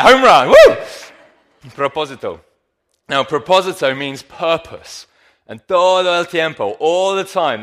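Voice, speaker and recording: Speaking into a handheld microphone in a church hall, a male pastor preaches with a jokey, playful air, addressing the congregation directly. His voice is mid-range and fairly bright.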